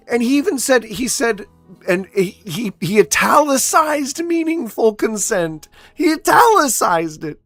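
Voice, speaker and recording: Incredulous woman reacting, lively swings. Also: a little high, unhurried, dry recording, faint music behind. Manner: exasperated, swearing, incredulous outbursts. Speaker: reaction commentator. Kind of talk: casual reaction commentary.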